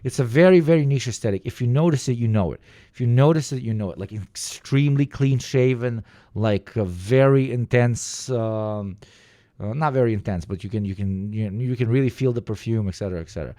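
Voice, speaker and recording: A man giving casual, profane reaction commentary, telling stories with lots of fillers and animated bursts. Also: mid-range voice, brisk, dry recording, studio quality. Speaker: reaction streamer.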